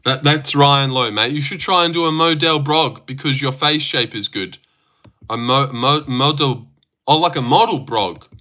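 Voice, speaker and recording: A man's voice: medium pitch, moderate pace, pushed and bright. A young man chatting casually on a stream, joking, teasing and swearing as he reacts.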